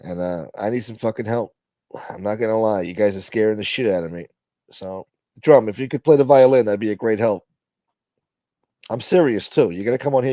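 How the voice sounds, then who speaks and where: A man hosting a casual livestream, thanking donors and shouting out viewers by name in a profane, joking way. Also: lowish voice, dry recording, lo-fi sound. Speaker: livestream host. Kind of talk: casual live chat reading donations.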